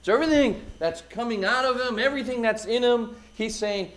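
A middle-aged male pastor preaching a sermon, his delivery swelling loud and then dropping to a hush. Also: extremely high pitch, fairly quick, hardly any pauses.

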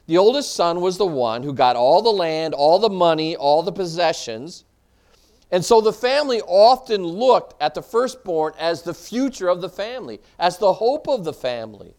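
High, animated male preacher. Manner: poses rhetorical questions and answers them; loose, chatty delivery with many "you know" asides. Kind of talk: conversational Bible teaching sermon.

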